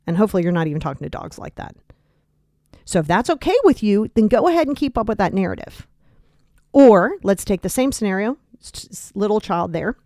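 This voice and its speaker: A woman's voice: mid-range voice, a little mellow, dry recording, studio quality. A woman hosting a self-help podcast, talking bluntly and emphatically, swearing casually as she coaches listeners. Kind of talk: motivational self-help talk.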